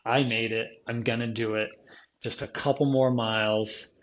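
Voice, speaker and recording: Man, podcast guest, casual storytelling, emotional, laughs often, middle pitch. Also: fairly even intonation, moderate pace, fairly bright tone, dull audio.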